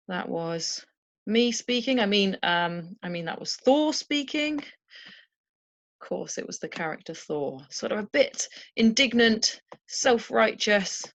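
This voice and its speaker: A woman's voice: lowish voice, a bit bright, no room sound. Dry-voiced woman teacher. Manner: clear, encouraging, checks in with "okay?". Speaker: primary school teacher. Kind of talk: recorded home-learning lesson.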